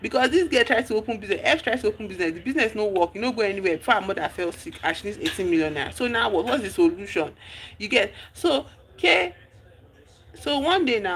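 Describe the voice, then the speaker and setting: A woman's voice: mid-range voice, a bit bright, a little hiss or hum. A woman streamer, chatting animatedly as she recaps a movie in a casual livestream, sprinkling in slang.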